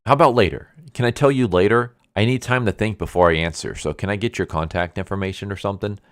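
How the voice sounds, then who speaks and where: A man's voice: fairly low pitch, fast, clean tone, natural voice. A man reading the lines of a reluctant, cowardly older male college student, who sounds flustered and a little whiny.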